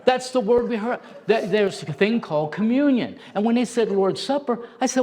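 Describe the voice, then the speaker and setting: A middle-aged man telling personal stories in an animated way, laughing often and acting out the voices of the people he quotes. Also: high voice, moderate pace. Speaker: interview guest, storyteller.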